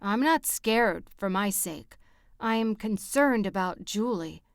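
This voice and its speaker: A woman's voice: mid-range voice, animated, takes it slowly, clean tone, no room sound, clean studio sound. A woman voicing a young man who protests in pain and then speaks resolutely, in an audiobook. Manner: pained, protesting outbursts.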